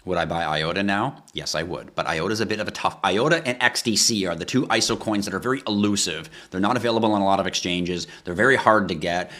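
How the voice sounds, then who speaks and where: The host of this crypto livestream is a man whose low voice has a fairly bright tone. His casual talk turns into an impassioned rant full of rhetorical questions, swearing, and appeals to viewers.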